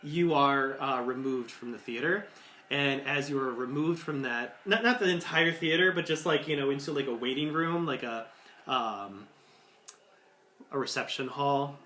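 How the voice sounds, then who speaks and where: Man, game master, rambling narration, bright tone, echoey room. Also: medium pitch, normal speed, slight background noise. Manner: rambling, full of likes and ums. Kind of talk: improvised tabletop game narration.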